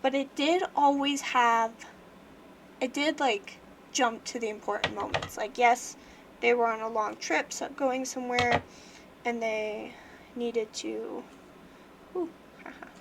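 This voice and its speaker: A woman's voice: a little high, steady tone, measured pace, gravelly, background noise. A young woman casually chatting on a livestream, rambling with lots of fillers and restarts as she talks through a book. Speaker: livestream host. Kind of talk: casual book review chat.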